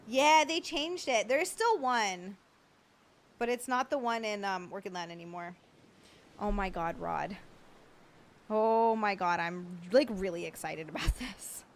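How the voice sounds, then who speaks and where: A woman hosting a livestream in a casual, chatty way, greeting viewers and answering their comments. She is excitable and quick to laugh. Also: mid-range voice. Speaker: livestream host.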